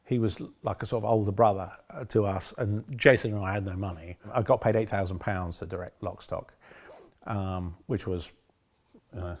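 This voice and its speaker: A man's voice: lowish voice, steady tone, moderate pace. A man talking about his past work as a film director in a casual interview, rambling with frequent restarts and self-corrections.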